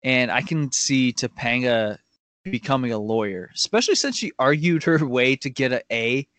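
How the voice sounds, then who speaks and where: A man co-hosting a casual podcast, agreeable and relaxed, laughing as he talks. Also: medium pitch, moderate pace, no echo. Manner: easygoing, agreeable, laughs while talking. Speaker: podcast co-host. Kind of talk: casual chat.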